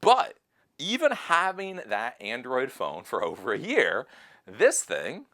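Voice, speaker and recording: A man in his late thirties hosting a casual advice talk, speaking animatedly and mimicking other people in high put-on voices. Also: huge pitch swings, slow, pushed and bright. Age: 30s. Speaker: host.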